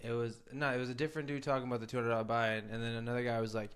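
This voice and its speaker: Fast-talking young man, rambling stories. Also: mid-range voice, flat delivery, a bit bright, clear, resonant tone. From Wisconsin, USA. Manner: loose, rambling storyteller. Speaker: podcast co-host. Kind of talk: casual chat.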